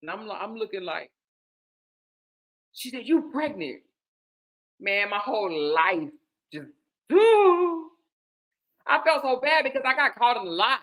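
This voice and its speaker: A woman hosting her own show, telling a personal story in an animated way and speaking straight to her listeners. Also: medium pitch, normal speed, long pauses. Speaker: host.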